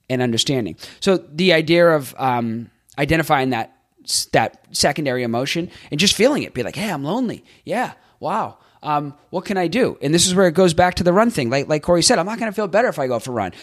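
A man with a somewhat high voice hosts a podcast and talks through ideas on his own. His delivery is chatty and loose. He thinks out loud and keeps checking in with rhetorical questions. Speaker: podcast host. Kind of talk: solo podcast recap.

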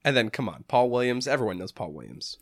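A man's voice: mid-range voice, very animated, fast, no echo, studio quality. A young man hosting a podcast, bantering in a playful, joking way, swearing freely and laughing often. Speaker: podcast host. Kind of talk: casual comedic banter.

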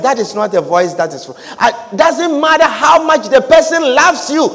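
A man preaching a sermon in church, fervent, repeating phrases for emphasis and at times shouting. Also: extremely high pitch, very animated, normal speed, hardly any pauses. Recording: long reverb of a large hall.

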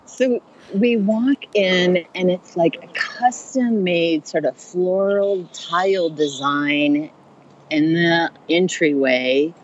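A woman comedian telling a funny story on a podcast, chatty and animated, acting out the voices of the people in it. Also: fairly low pitch, slow pace, dull audio, a little hiss or hum. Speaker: stand-up comedian and rideshare driver.

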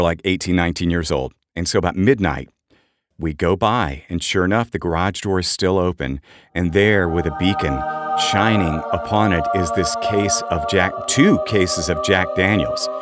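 A man from Arkansas, hosting a podcast and telling a story in an animated, casual way. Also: moderate pace, soft background music. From Arkansas, USA. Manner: animated, jumps high when quoting others. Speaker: podcast host.

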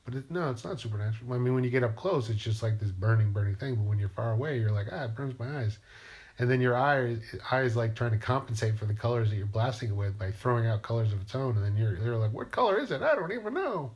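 A man's voice: lowish voice, quick pace, few pauses, a little mellow. Musing man in a rambling monologue. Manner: musing, playful, asks questions aloud. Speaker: writer.

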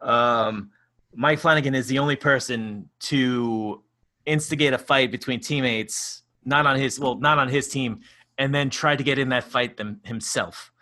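A man's voice: mid-range voice, a little slow, bright, forceful tone. A man co-hosting a podcast in casual chat, telling rambling stories with frequent laughs and swearing. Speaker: podcast co-host.

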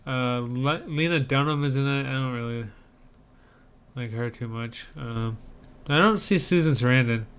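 A man's voice: medium pitch, moderate pace, a bit bright, clean tone. A man co-hosting a casual movie-trailer podcast, chatting loosely with plenty of likes and ums. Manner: conversational, lots of likes and ums. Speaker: podcast co-host reviewing trailers. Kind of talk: casual chat.

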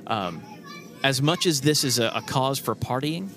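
A man's voice: mid-range voice, animated, normal speed, pushed and bright, soft background music. A man chatting as a guest on a podcast, rambling and hesitant, with many "uh"s and "um"s. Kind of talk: casual chat.

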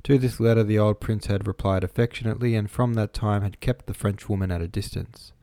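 Low, mellow male audiobook narrator. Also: fairly even intonation, fairly quick, no echo.

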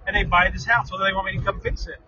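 A man's voice: high-pitched, flat delivery, rapid-fire. A man in casual chat, telling an anecdote animatedly and acting out the voices he quotes. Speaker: storyteller in conversation. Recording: lo-fi recording with faint background noise.

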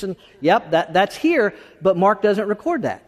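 A man preaching a sermon as pastor, talking in an animated, conversational way with many restarts. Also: high voice, a little fast, few pauses. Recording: long hall reverb.

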